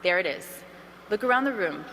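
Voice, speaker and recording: A woman giving an energetic sales training talk to a room, coaxing the audience with questions. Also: mid-range voice, normal speed. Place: large hall with an audience. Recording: archived talk in a roomy hall with faint noise.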